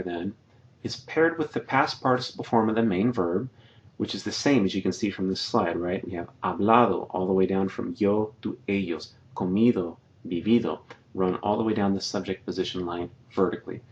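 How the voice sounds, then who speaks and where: A man's voice: lowish voice, moderate pace, muffled recording, a little hiss or hum. A man teaching a Spanish grammar lesson over slides, patiently explaining and repeating each example sentence. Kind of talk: slide-based grammar lecture.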